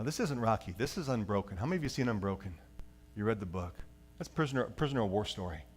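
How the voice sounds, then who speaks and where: Animated male pastor preaching a sermon. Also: mid-range voice. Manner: animated preaching, slips into acted voices; leads the congregation in reading aloud.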